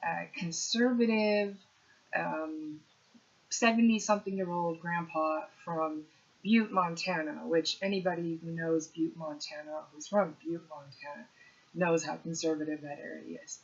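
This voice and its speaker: A middle-aged woman, a comedian, telling a story in an animated, punchy way with playful asides. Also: low-pitched, a little slow, creaky, dull audio. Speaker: stand-up comedian. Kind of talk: storytelling monologue.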